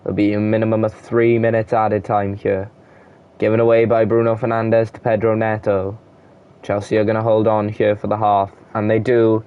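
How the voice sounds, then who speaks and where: A man's voice: fairly low pitch, completely flat delivery, normal speed, clear, resonant tone, narrow, tinny audio. A young man giving casual play-by-play commentary on a football video game, reading off player names in short bursts. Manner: calls player names in short bursts, shouts at goals and chances.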